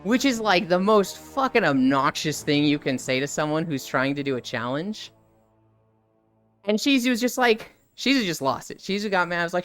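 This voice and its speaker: Lively, swearing woman streamer. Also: low voice, brisk, faint music behind. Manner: animated, profane anecdote-telling. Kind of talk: casual storytelling on a live stream.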